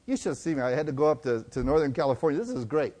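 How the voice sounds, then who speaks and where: A middle-aged man preaching a sermon, telling stories and swinging from loud to hushed. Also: on the high side, big pitch swings, racing. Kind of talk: sermon storytelling.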